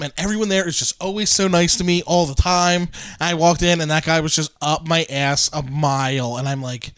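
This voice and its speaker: A man's voice: on the high side, steady tone, a little fast, hardly any pauses, fairly bright tone, clean tone, no echo, clean studio sound. A man co-hosting a comedy podcast, joking and self-mocking in casual chat, often breaking into laughter. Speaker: podcast co-host.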